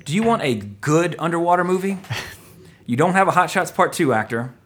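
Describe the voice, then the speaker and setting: A man's voice: a little high, animated, a little fast, a bit bright. Rambling joking male podcast host. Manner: rambling, joking, self-correcting. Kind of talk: casual podcast chat.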